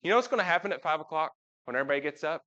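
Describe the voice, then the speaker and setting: A man's voice: a little high, expressive, racing, bright, forceful tone. A man preaching a casual live sermon in church, chatting with the congregation and asking it questions. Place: church sanctuary. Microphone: live church recording. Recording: dull lo-fi live church recording.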